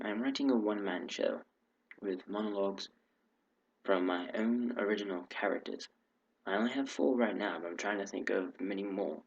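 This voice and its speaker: A man's voice: fairly low pitch, lo-fi sound, slight background noise. Man in a put-on British accent. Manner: rambling, with restarts and fillers. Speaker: vlogger. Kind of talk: casual vlog update.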